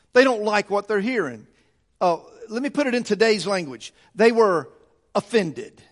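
A male pastor preaching a sermon in a church, emphatic and repetitive, often restarting his sentences. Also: high voice. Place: church sanctuary. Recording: long church reverb.

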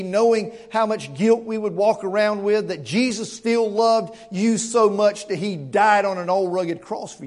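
A man's voice: high voice, a little mellow. A male pastor preaching a sermon to his congregation, earnest and emphatic, often stammering and repeating words and asking rhetorical questions.

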